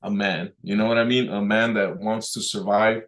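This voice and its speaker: A man's voice: fairly low pitch, steady tone, fairly bright tone. Rambling man hosting a casual vlog. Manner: halting and rambling, many fillers and restarts, clears throat often; pushes emphasis into words on purpose as speaking practice. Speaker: vlog host. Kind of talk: casual talking-head vlog.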